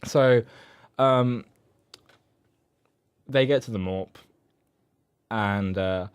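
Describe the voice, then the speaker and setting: A man's voice: on the low side, very slow, clear, resonant tone. A young man co-hosting a podcast, chatting casually and rambling about films. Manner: chatty, rambling, slips into silly impressions. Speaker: podcast co-host. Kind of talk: casual film review chat.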